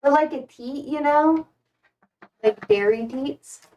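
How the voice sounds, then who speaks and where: A woman's voice: sits high, slow pace, darkish tone, distant mic, dull audio. A young American woman chatting casually with her stream while repotting plants, rambling and self-deprecating. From United States.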